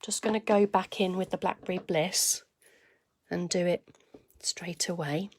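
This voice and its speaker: A woman's voice: fairly low pitch, fairly even intonation, measured pace, slight background noise. Chatty woman demonstrating papercraft. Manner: chatty, greets viewers by name mid-task; talks while stamping, quiet asides. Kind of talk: live crafting demonstration.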